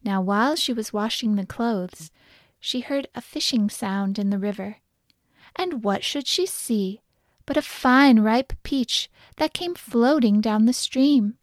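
A woman narrating a children's folk tale in a gentle, expressive storybook reading. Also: fairly high pitch, measured pace, no room sound, clean studio sound.

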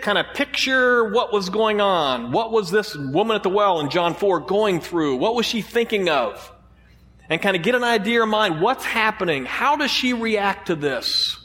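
A man's voice: high-pitched, fairly bright tone, big-room sound. A man preaching a sermon as pastor, conversational, asking the congregation rhetorical questions.

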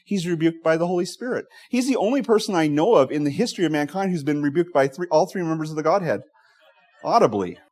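A man's voice: a little high, animated, fast talker, a little mellow. A middle-aged male pastor preaching a conversational expository sermon, acting out quoted voices and asides.

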